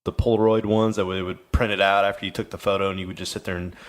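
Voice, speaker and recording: A man with a very low, deep voice retells a haunting on a podcast. He talks loosely, stumbling over fillers and restarts, and swears casually as he goes. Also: little pitch movement, fast talker. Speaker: podcast host. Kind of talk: casual storytelling podcast chat.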